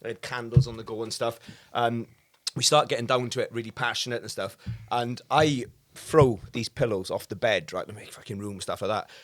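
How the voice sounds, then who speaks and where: A man guesting on a pub podcast, spinning comic anecdotes and teasing his hosts. His voice sits at an average pitch for a man and has a bright, forceful edge. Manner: teasing, quick comic asides. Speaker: comedian guest.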